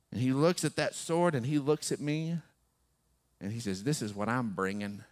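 A man in his forties, a pastor preaching a sermon, telling a story and rising to emphatic high peaks.

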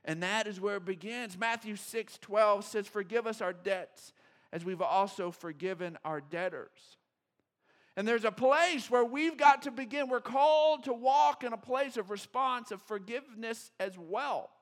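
A male pastor preaching a sermon in a church, acting out quoted voices and swinging between loud emphasis and hushed asides. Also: high voice, measured pace. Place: church sanctuary.

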